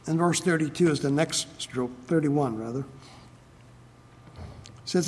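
A man preaching an expository sermon, reading scripture aloud and explaining it earnestly, slowing down to stress key phrases. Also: on the high side, a little mellow. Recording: long hall reverb.

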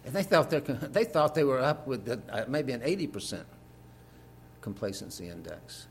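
A man's voice: mid-range voice, expressive, normal speed, a little hiss or hum. A man preaching a sermon, reading scripture aloud and adding folksy, joking asides with frequent fillers.

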